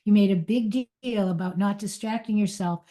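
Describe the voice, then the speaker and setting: A middle-aged woman gives a spiritual talk to her community, telling a personal story with frank, confessional honesty. She speaks at an everyday middle pitch, stops and restarts her sentences, and often laughs at herself as she goes. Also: moderate pace, warm tone. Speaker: spiritual teacher.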